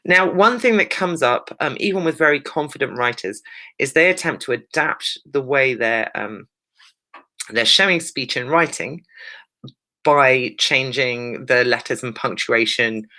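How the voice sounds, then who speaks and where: A woman teaching a recorded English revision lesson, brisk and emphatic, checking in with her pupils and teasing them now and then. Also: extremely low pitch, sharp tone. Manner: playful, teasing asides to pupils. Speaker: secondary school English teacher.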